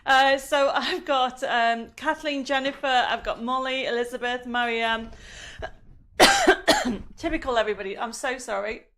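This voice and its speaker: Hosting a live craft show from her home studio, a woman chats and reads out viewers' greetings in a live-stream. Her fairly high, fairly bright voice stays steady at a moderate pace with hardly any pauses, though it sounds slightly strained as she coughs and her voice starts to go.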